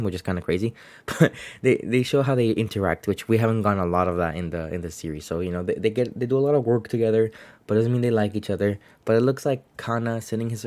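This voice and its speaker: A young man with a somewhat low voice chats his way through a comic review. He restarts sentences often and keeps it loose and unpolished. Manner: rambling, chatty, frequent restarts and laughs. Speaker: manga reviewer. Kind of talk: casual video review.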